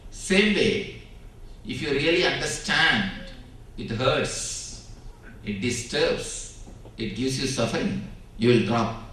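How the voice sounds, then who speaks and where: Slow male preacher in an echoey hall. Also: mid-range voice, lively intonation, a bit bright, far from the mic, a little hiss or hum. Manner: slow, emphatic preaching with dramatic pauses. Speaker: spiritual teacher. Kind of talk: spiritual discourse. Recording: very echoey hall, speaker off mic.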